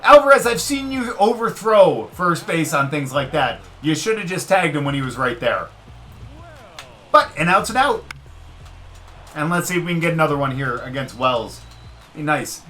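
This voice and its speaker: A man giving casual let's-play commentary on a baseball video game, excitable and talking straight to the game as he cheers and groans at each pitch. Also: moderate pace, soft background music. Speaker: gaming video creator.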